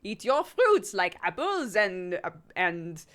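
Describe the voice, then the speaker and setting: A woman voicing a giant talking potato from a children's cartoon, lecturing slowly and awkwardly. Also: medium pitch, big pitch swings, fairly bright tone. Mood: preachy.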